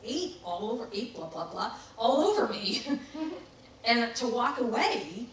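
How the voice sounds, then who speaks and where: Woman, highish voice, candid reflective talk, heavy room echo, mic set back. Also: very animated, measured pace. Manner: candid, laughs at herself. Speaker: spiritual speaker. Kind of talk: reflective talk on personal growth. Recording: very echoey room, distant mic, faint noise.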